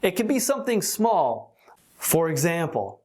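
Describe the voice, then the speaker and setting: An English teacher giving an online lesson, explaining deliberately and laughing now and then. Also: mid-range voice, lively intonation.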